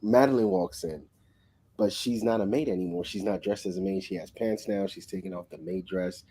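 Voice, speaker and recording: A man co-hosting a casual book discussion, recapping the plot in an excitable, rambling way with lots of restarts. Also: low voice, brisk, slightly rough, rough recording. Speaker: book club co-host.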